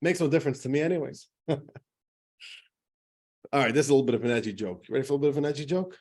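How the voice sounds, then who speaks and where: A man's voice: medium pitch, very fast, a little mellow. A man teaching a class as a rabbi, in a chatty, joking style full of fillers. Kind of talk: casual classroom lecture.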